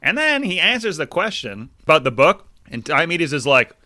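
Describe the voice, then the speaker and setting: A man's voice: fairly high pitch, normal speed, no room sound, clean studio sound. A man co-hosting a casual book-club podcast, ranting with lots of swearing. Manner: animated, profane ranting. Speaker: podcast co-host.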